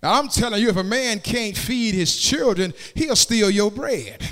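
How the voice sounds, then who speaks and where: A man preaching a sermon in a church, swinging from plain talk into shouted, sung cadences and calling out to the congregation for answers. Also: high voice, expressive, unhurried. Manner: calls out to the congregation for response. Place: church sanctuary. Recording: long hall reverb.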